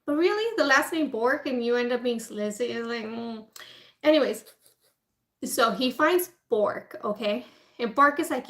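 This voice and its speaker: A woman's voice: on the high side, expressive, unhurried, fairly bright tone. A woman food vlogger telling a story in a casual, chatty way, full of "like" and "right?", and acting out people in quoted asides. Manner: chatty, informal, lots of "like" and "right?". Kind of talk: casual storytelling while eating.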